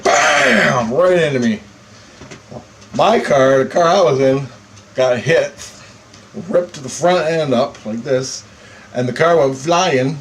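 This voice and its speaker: A man telling a personal story in a casual monologue, animated and profane, chuckling between lines. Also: medium pitch, takes it slowly, long pauses, a little hiss or hum, rough recording. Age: adult.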